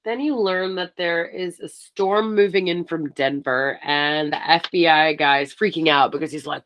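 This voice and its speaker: Lower-pitched woman chatting about a film. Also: a little slow, few pauses. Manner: animated, laughs often, wry. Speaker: podcast co-host. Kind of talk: casual film recap chat.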